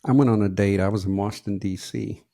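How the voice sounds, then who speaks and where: Gravelly-voiced man telling stories. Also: fairly low pitch, fairly even intonation, fast, warm tone, a little hiss or hum. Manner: storytelling, self-mocking humor. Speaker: podcast co-host. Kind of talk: casual chat.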